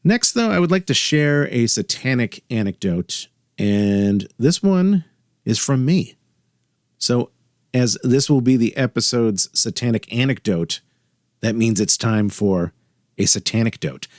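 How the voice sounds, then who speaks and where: A man's voice: mid-range voice, lively intonation, a little slow, no echo. A man hosting a solo podcast, talking in a dry, sardonic way with wry asides. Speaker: podcast host.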